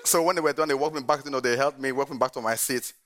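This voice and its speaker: A middle-aged man, a pastor, preaching a sermon with animated storytelling and frequent laughter. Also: mid-range voice, rapid-fire.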